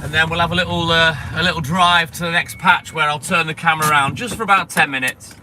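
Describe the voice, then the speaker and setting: Here the milkman streamer speaks steadily and fast in a fairly high voice, still cursing freely and saying hello to viewers by name as he chats with his live stream. He's in his vehicle on the delivery round, and the phone camera recording is noisy with traffic and street sounds.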